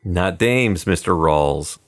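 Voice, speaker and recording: A man voicing a quiet, plump middle-aged hotel detective who speaks softly, calmly and unhurriedly. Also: sits low. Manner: soft, calm and unhurried.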